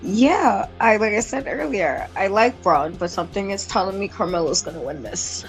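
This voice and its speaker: A woman guest on a wrestling chat show, talking on her phone in a relaxed, hesitant way. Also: medium pitch, moderate pace, faint music behind, rough recording. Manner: relaxed, hesitant, speaks in likes. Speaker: guest panelist. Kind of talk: casual wrestling prediction chat.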